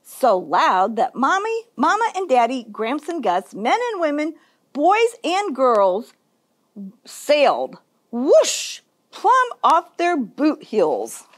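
A woman with a high voice reads slowly from a picture book during story time. She is a children's librarian and tells the story in an expressive, sing-song fashion.

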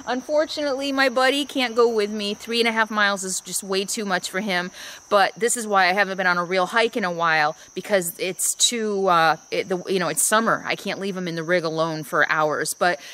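Her voice sits at medium pitch, steady, bright, and forceful, and she talks a little quickly. The woman is vlogging casually from a trailhead outdoors, musing about her RV lifestyle with plenty of rambling and restarts.

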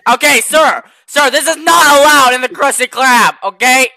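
Teen boy gamer, high and bright, bouncy delivery, dry close mic, shouty role-play. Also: normal speed, no echo. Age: teens. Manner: animated, bursts into shouting. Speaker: gamer playing a restaurant worker. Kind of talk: playful game role-play.

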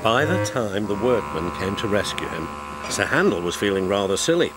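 A male narrator tells a children's train story with a very animated, up-and-down delivery. Music plays under his voice throughout. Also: lowish voice, normal speed. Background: music score.

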